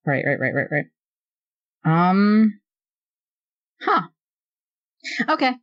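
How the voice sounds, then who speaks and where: A player in a tabletop game, quick and joking, swearing casually while taking their turn. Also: mid-range voice, huge pitch swings, fairly bright tone. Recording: dull lo-fi recording.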